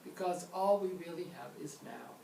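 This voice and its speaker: A woman's voice: fairly low pitch, normal speed, creaky, dark tone. Playful woman teaching grammar, roomy echo. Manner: playful, theatrical asides. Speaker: English teacher. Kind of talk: grammar lesson monologue. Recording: roomy echo, mic at a distance, faint noise.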